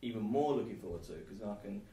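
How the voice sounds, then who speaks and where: A man guest chatting casually and laughing easily in relaxed banter. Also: lowish voice, racing, distant mic. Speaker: sponsored player, guest. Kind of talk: casual live-stream chat. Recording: echoey room, away from the mic.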